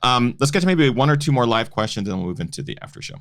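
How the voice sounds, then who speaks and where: A man hosting a live show, chatting in an animated way with exclamations and laughs. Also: mid-range voice, fast talker, no room sound. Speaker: podcast host. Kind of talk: casual chat on a live show.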